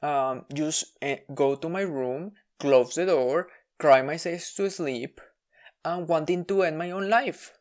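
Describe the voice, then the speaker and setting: A woman's voice: sits low, slow pace, darkish tone. A woman vlogger telling a personal story to camera in a candid, wry, self-deprecating way, often restarting her words.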